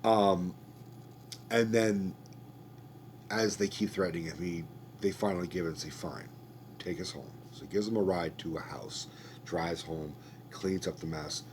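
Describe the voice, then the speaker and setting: A man hosts a podcast, talking through a film in a loose, rambling way full of swearing and asides. His voice sits very low, with a faint hum underneath. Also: normal speed, long pauses. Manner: rambling, profane, conversational. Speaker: podcast host. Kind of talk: casual movie review rant.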